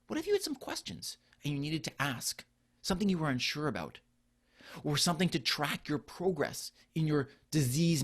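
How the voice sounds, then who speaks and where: A middle-aged man delivers a conference talk as a doctor, earnest and explanatory. His pitch rises and falls freely, and he keeps posing rhetorical questions to the audience. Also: a bit bright. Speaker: physician presenter. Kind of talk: conference presentation.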